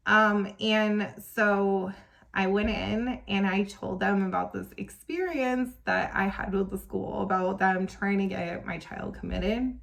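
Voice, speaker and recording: Speaking slowly with vocal fry and a slightly bright, mid-range voice, a young parent vlogger shares a personal story. It's an emotional telling, sometimes tearful, crowded with "um" and "like."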